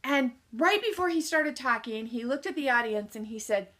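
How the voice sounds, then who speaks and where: A lively woman motivational speaker recounts a personal story with a bright, forceful voice that sits a little high. She acts out what people said and puts questions to the audience, then answers them herself. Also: moderate pace.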